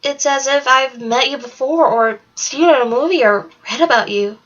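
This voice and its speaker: A woman's voice: high voice, moderate pace, fairly bright tone. A woman reading the lines of an earnest, troubled teenage girl heroine in a storybook. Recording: dull lo-fi recording.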